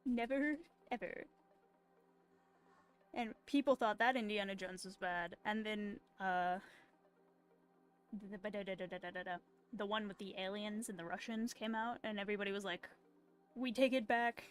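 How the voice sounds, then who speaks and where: A woman's voice: mid-range voice, steady tone, measured pace, long pauses, smooth. A woman streamer chatting casually while she draws, rambling off on tangents. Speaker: artist streamer. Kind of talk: casual chat while drawing. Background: faint background music.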